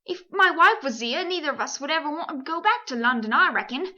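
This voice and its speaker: A woman's voice: sits high, animated, fast talker, bright, forceful tone, highs cut off, heavily acted. Woman doing a humble, earnest cabman. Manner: homely, bashful, folksy speech. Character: humble male London cabman, plain-spoken and earnest.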